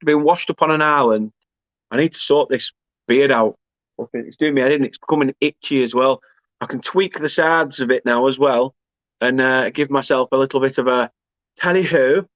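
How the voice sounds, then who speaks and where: A man's voice: mid-range voice, a bit bright, no room sound, lo-fi sound. Chatty man on a live stream. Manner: chatty, rambling, self-deprecating banter. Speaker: host of a football fan watchalong. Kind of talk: casual live chat, reading out viewer comments.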